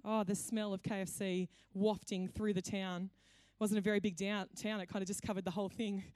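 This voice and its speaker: A woman's voice: mid-range voice, flat delivery, brisk, a little mellow, no echo, studio quality. A woman pastor delivering a sermon in a conversational, playful storytelling way. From Australia.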